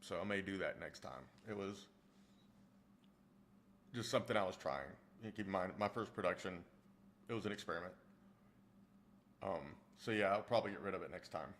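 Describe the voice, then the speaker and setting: A man with a fairly low voice talks casually to viewers of a livestream. He rambles, doubles back on his words and restarts sentences as he answers the chat. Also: moderate pace, long pauses, fairly bright tone, slight background noise. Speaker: streamer and audiobook narrator.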